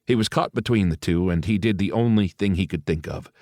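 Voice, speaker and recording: Deep-voiced male audiobook narrator. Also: fairly quick, darkish tone, no echo, studio quality.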